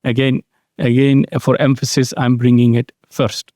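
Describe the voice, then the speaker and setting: A man teaching Arabic grammar in a recorded online lesson, explaining slowly and repeating key terms. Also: medium pitch, flat delivery, a little mellow, no echo, clean studio sound.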